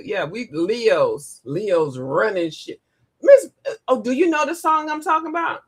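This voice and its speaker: A woman hosting a casual livestream, animated, laughing often and breaking into sung and mimicked lines. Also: fairly high pitch. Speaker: livestream host. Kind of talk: casual live chat.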